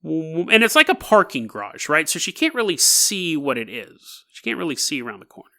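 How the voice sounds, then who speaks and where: A man hosting a podcast, telling a strange tale in a casual, animated way and laughing between lines. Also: fairly high pitch, brisk. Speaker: podcast host. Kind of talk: casual storytelling.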